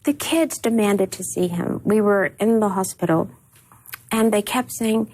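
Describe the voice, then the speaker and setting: A woman being interviewed, telling personal memories in a halting way and repeating words when upset. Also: mid-range voice, darkish tone, poor audio. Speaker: interview guest. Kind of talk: emotional personal recollection.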